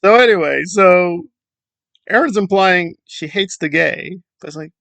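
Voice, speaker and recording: Sarcastic male commentator from Central America, gravelly, talking close to a dry mic. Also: sits high, a little slow, fairly bright tone, dry recording. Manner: sarcastic, rambling, mocking asides. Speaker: commentary YouTuber. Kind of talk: casual commentary monologue.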